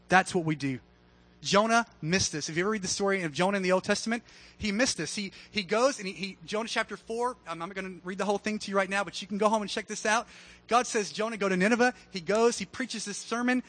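A man's voice: high voice, bright, forceful tone, low-quality recording. A man preaching a sermon in a casual, conversational way, mixing humor into his teaching. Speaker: pastor.

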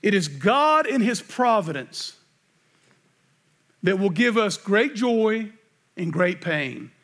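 A man's voice: high-pitched, sing-song, slow pace, a bit bright. A man preaching a sermon, reading scripture aloud and asking earnest rhetorical questions. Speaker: pastor.

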